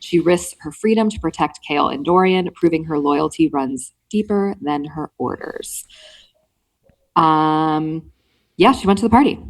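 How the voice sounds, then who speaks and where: A book club podcast host with a fairly low, gravelly voice and lively intonation speaks a little slowly. Her casual chapter recap is chatty and sprinkled heavily with "um" and "like."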